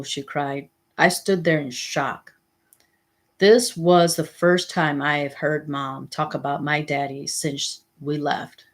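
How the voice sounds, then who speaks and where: Low husky woman reading a memoir. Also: slow. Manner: steady first-person storytelling. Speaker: memoir reader. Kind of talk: audiobook reading.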